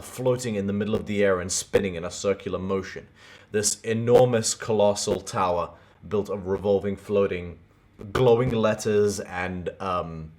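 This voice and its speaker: A man with a fairly low voice runs a tabletop game as game master. He sets each scene with long, vivid descriptions. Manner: descriptive, scene-setting narration.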